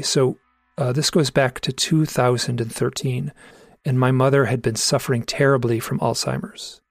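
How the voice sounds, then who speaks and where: A man's voice: mid-range voice, gravelly, no room sound. A middle-aged man telling a personal story in an earnest, reflective way, often restarting his sentences. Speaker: speaker telling owl stories.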